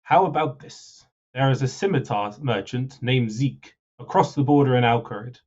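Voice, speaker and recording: Dude reading a worried game king, earnest and steady, kinda muffled audio. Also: mid-range voice, moderate pace, lightly acted. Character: troubled male ruler worried for his citizens.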